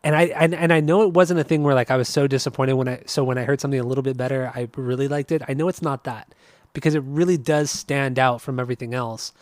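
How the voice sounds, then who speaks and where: An easygoing man co-hosting a podcast, laughing often and trailing into fillers as he talks. His mid-pitched voice is recorded dry and close. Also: fairly even intonation, fast, no echo. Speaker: podcast co-host. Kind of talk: casual chat.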